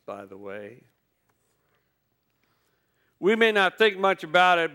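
A man's voice: a little high, fairly bright tone, smooth. A man preaching a sermon, telling folksy stories with wry humor.

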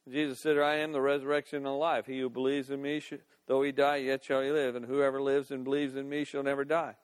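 A man's voice: medium pitch, flat delivery, fast, few pauses, clear, resonant tone. An older man preaching as a pastor. He reads scripture aloud, then talks it over in a conversational way and acts out the scenes in different voices. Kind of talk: sermon with scripture reading.

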